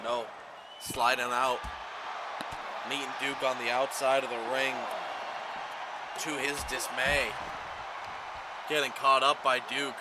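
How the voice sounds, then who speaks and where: A man doing play-by-play commentary over a video game wrestling match, calling moves quickly and getting louder at near-falls. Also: mid-range voice, a loud crowd, heavy background noise. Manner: rapid play-by-play calls, rising excitement at near-falls.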